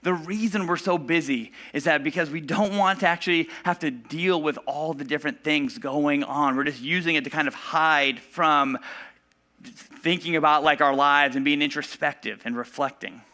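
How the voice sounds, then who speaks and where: A man's voice: fairly high pitch, normal speed, bright, forceful tone. A man preaching a casual sermon in a church, talking conversationally with fillers and acting out the people in the story. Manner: conversational, filler-heavy, acts out voices of Bible figures. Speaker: pastor.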